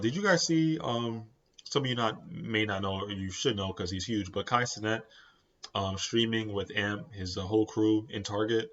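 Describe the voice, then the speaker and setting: A man's voice: on the low side, fairly even intonation, normal speed, a bit bright, highs cut off. A tired man, hosting a podcast as casual solo commentary, rambling with lots of fillers and repeats. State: tired, yawning. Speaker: podcast host.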